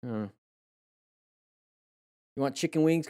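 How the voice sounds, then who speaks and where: A man's voice: a little high, moderate pace, a little mellow, clear, resonant tone, no echo, studio quality. A man casually commenting on motorcycle crash clips during a live stream, rambling and restarting sentences, coaching with praise and jokes for the chat. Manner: rambling, chatty, with frequent restarts and fillers.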